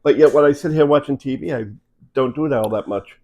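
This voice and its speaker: A man in easygoing conversation at a middle pitch, rambling along and dropping in "you know" as he goes. He co-hosts a relaxed chat, and he is picked up on a phone. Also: fast. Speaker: co-host. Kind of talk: casual chat.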